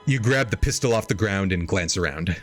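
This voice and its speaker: A man hosting a podcast, reading an AI-written story aloud as a comedic dramatic reading and pitching quoted lines up into exaggerated voices. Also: lively intonation, a little fast, faint music behind. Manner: reads quoted lines in exaggerated higher voices, laughing at the text. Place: home streaming setup.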